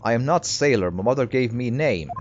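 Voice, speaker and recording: A man putting on a gruff hulking Russian sailor. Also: mid-range voice, brisk, natural voice. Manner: broken English, mock Russian accent, blunt. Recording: slightly muffled, steady hiss behind.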